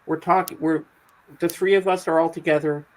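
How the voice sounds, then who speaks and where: A man's voice: on the high side, steady tone, fairly quick, poor audio. A man co-hosting a casual chat, upbeat and talkative, eager to share favorites. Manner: upbeat, chatty, bursts into song snippets. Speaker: regular co-host.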